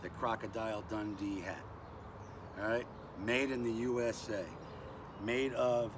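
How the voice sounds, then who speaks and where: A man's voice: mid-range voice, steady tone, moderate pace, noisy background. An older man hosting a casual knife and gear review vlog, chatty and self-deprecating with lots of "uh" and "anyway.". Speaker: knife review channel host.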